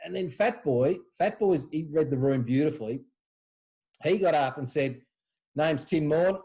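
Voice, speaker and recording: A man's voice: on the high side, moderate pace. An Australian man telling old club stories in casual chat, acting out what people said in a raised voice. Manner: animated storyteller, acts out quotes in a raised voice. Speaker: podcast guest, former club footballer.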